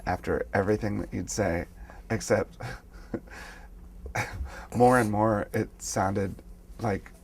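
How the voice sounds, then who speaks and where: A man's voice: fairly low pitch, takes it slowly, gravelly, pauses often, slightly rough. A man being interviewed, telling funny stories and acting out the people he quotes. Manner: animated, acts out people he quotes. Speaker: interviewed musician. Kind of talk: casual interview storytelling. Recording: noisy background.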